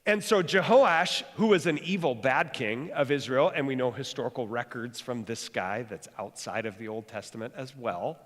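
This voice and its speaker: A male pastor preaching a sermon, talking fast and jokey, with animated bursts of energy. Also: medium pitch. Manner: joking, conversational. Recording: long hall reverb.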